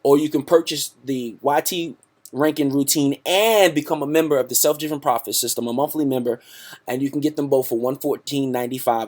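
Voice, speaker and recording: A man's voice: mid-range voice, a little mellow. A man hosting a sales webinar, hyped and salesy, tacking "right?" onto nearly every sentence and calling his listeners "guys". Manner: hyped, repeats "right?" constantly; salesy, pumped, talks to the audience as "guys". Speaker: webinar host.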